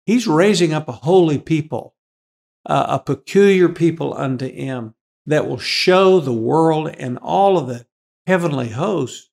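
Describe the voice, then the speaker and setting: A man's voice: mid-range voice, creaky, darkish tone. A man, a pastor, giving an earnest, emphatic Bible teaching and repeating key phrases for weight.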